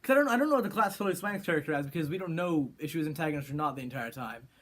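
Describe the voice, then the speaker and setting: A man's voice: on the high side, expressive, rapid-fire, a bit bright. A man from California giving an opinionated movie review rant, sarcastic and rambling with frequent restarts. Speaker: film reviewer.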